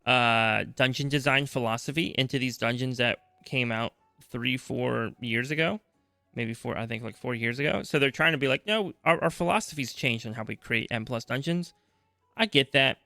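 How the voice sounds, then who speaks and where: Gravelly, bright-voiced man, casual gaming podcast. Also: mid-range voice, normal speed, dry recording, soft background music. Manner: rambling, restarts often, slips into quoted reactions. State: sleepy, yawning. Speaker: podcast co-host.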